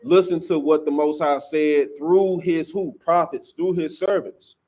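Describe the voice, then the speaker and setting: A man's voice: on the high side, fairly even intonation, unhurried, warm tone. A man teaching scripture to a class in an emphatic, preachy way, often ending lines with "man".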